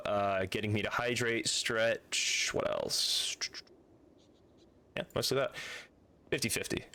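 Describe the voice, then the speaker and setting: A man talks through a live game stream in an easy, offhand way, reading items aloud and chatting with his viewers. His voice sits a little low, and he drops the odd swear word without thinking about it. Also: fairly bright tone. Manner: casual, chatty, swears freely.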